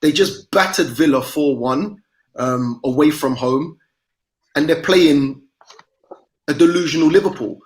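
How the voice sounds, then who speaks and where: A man's voice: fairly high pitch, unhurried, long pauses. Teasing man hosting a football chat. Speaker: podcast host reading comments. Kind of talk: casual banter.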